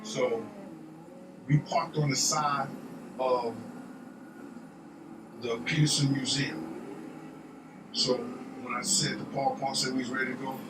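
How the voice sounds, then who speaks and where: A man's voice: mid-range voice, little pitch movement, slow, long pauses. A man telling a long street story in casual, profane talk, often asking "you know what I'm saying". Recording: echoey, distant, noisy.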